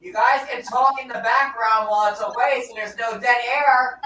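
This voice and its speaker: A man's voice: very high voice, fairly even intonation, normal speed, pushed and bright, a little hiss or hum. A man hosting a live stream in casual chat, retelling an argument in a heated, blunt way with plenty of cursing. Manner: heated and blunt, with profanity and repetition.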